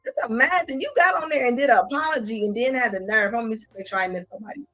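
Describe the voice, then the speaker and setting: A woman's voice: fairly high pitch, quick pace, fairly bright tone, faint music behind. Blunt, mocking woman streamer. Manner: blunt, mocking, laughs often. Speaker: commentary streamer. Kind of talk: casual reaction commentary.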